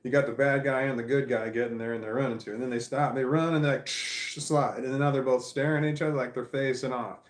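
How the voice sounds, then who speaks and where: A man's voice: medium pitch, steady tone, fast, few pauses. A man talking casually on a livestream, rambling and swearing as he tells a story, recorded in an echoey living room. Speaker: livestream host.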